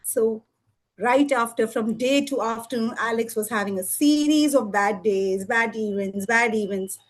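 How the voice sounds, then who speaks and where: A woman telling a lively children's story at a storytelling evening, with expressive voices and sound effects. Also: fairly high pitch, measured pace. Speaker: storytelling student. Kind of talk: live storytelling performance for children.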